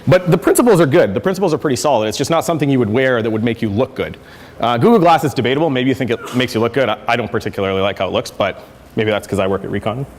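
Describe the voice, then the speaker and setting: A man's voice: medium pitch, rapid-fire, long reverb tail, slight background noise. A man giving a conference talk, conversational and self-correcting with frequent fillers. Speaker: conference speaker. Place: lecture hall.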